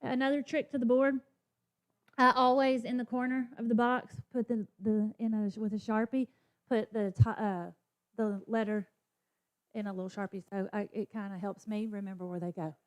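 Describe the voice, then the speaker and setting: In a professional development demo for fellow teachers, a woman models a phonics lesson, sounding out letters and leading classroom chants. She has a medium-pitched voice with flat delivery at a moderate pace.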